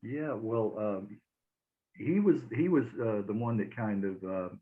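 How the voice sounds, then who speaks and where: A man's voice: fairly low pitch, lively intonation, unhurried. A man hosting a casual interview, asking questions hesitantly with many fillers. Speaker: interview host. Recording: tinny phone-like line.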